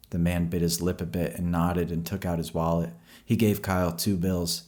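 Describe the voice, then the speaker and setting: Deep-voiced man narrating a horror story. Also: level tone, normal speed, hardly any pauses, a little mellow.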